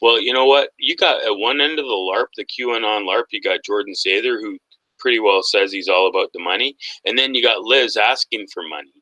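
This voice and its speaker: A man hosting a casual online talk show, animated and mocking, laughing often as he goes. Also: lowish voice, fairly quick, dry recording, low-quality recording. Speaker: podcast host. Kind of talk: casual conspiracy talk chat.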